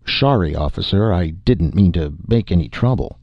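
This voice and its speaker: A man with a deep, gravelly voice voicing a drunk male spacer, loud, slurring and rambling, on a dull lo-fi recording. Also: lively intonation, moderate pace, no echo. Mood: sentimental. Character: drunk, boisterous male spacer just back to Earth.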